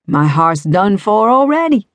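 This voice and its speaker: A woman voicing an older man who lives on the street, a teasing rascal with a raspy voice and an exaggerated deep drawl. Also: big pitch swings, a little slow, no room sound. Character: old male street regular, teasing rascal. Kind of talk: audiobook character voice.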